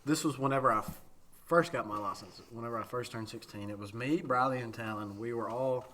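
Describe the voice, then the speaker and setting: A man's voice: medium pitch, brisk, bright, forceful tone. A young man, telling a story about driving at night on a podcast. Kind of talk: casual storytelling.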